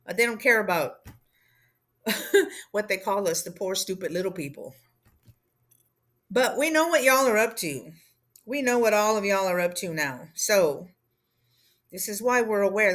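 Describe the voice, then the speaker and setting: A woman's voice: mid-range voice, fairly bright tone. A woman from Texas, rambling through a casual political rant in an exasperated, sarcastic way. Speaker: political commentator.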